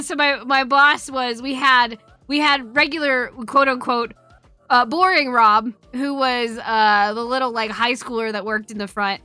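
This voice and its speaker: A woman streamer chats on a close, dry microphone, her voice bright and a little high. She rambles through a story, swearing freely and laughing along. Faint game music plays underneath. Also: smooth, dry recording.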